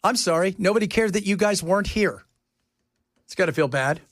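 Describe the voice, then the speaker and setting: A man's voice: high voice, lively intonation, brisk, dry recording, clean studio sound. A man hosting a radio talk show, joking and sarcastic in casual banter. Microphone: studio mic.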